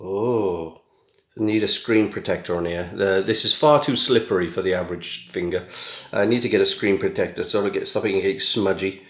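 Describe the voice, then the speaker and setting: A deep-voiced middle-aged British tech vlogger talks at a moderate pace while casually unboxing something in a small room at home. The camera mic gives a reverberant sound with a little hiss or hum, and he's full of wry, self-deprecating asides.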